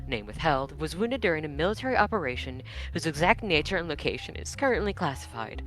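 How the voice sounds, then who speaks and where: A woman doing a low-voiced news anchor. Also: a bit bright, rough recording. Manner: measured newscaster delivery, stumbles over words. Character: woman news anchor reading a glossy puff piece. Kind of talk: mock news reading.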